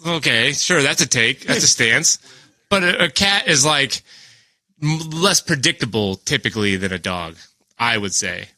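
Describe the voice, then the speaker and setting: Give me a young man chatting on a podcast, swearing and animated, with a sharp bright tone. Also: medium pitch, moderate pace, dry recording. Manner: profane, animated, acts out animals in mock voices. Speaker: podcast co-host. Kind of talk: casual chat.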